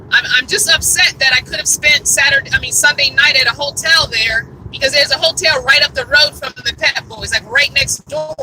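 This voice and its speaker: Southern woman, high-pitched, chatty live-stream vlogger, road noise in the car. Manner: chatty and animated, talks to live viewers. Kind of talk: live-stream vlog chat while driving. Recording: car recording from a distance, background noise.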